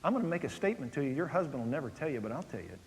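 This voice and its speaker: Animated preacher man in a reverberant hall. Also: medium pitch, very fast. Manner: animated storytelling preacher, swings from loud to hushed. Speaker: pastor. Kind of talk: sermon.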